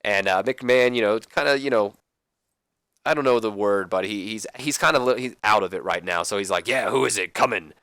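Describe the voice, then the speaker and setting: A man's voice: fairly low pitch, a little fast, fairly bright tone, clean tone, no room sound. A young man hosting a let's play, commenting casually in a rambling, hesitant way. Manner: rambling, hesitant, many fillers.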